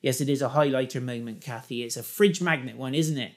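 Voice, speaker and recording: A preacher giving a sermon and reading scripture, chatty with humorous asides and building to excited emphasis. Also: male voice, mid-range voice, a little fast. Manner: enthusiastic, rising to excited emphasis.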